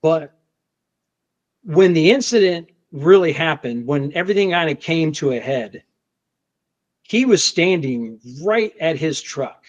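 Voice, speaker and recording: A man, a federal agent, recounting a confrontation in casual conversation, repeating words and acting out what was shouted. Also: on the high side, a little slow, long pauses. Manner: animated, restarts often, acts out shouted quotes. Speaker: federal agent telling a story. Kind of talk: conversational storytelling. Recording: dull lo-fi podcast audio.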